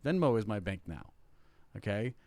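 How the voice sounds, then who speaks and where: A man's voice: on the low side, very animated, normal speed, darkish tone, no room sound. A middle-aged man co-hosting a casual podcast chat, rambling with lots of fillers and restarts. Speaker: podcast co-host.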